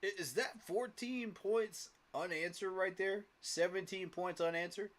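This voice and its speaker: A man giving live reactions to a football game, excitable, talking to the teams on screen and laughing often. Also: high-pitched, measured pace. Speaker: sports reaction streamer.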